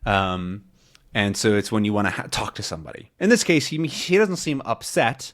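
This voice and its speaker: A man's voice: lowish voice, moderate pace. A man who is an English teacher, explaining a comic for learners and often rephrasing his words. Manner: animated, repeats and rephrases.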